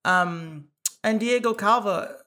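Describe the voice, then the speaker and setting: A man chatting casually as co-host about the year's films. He talks in an animated way, hedging and restarting his sentences as he thinks aloud. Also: high-pitched, slow. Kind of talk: casual film award chat.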